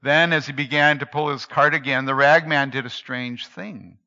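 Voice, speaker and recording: A man tells a story aloud in a bright, sharp voice, shifting from near-whispers to emphatic swells. His reading is dramatic and expressive. The recording sounds muffled and lo-fi, with long reverb from a large hall. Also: mid-range voice, moderate pace. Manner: expressive, swinging between hushed and emphatic.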